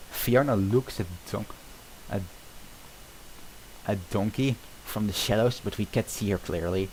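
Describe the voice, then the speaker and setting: A man's voice: on the low side, unhurried, pauses often, a little mellow, a little hiss or hum, rough recording. A man streaming, casually chatting and reading script narration aloud in a loose, offhand way. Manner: loose and offhand, with filler words.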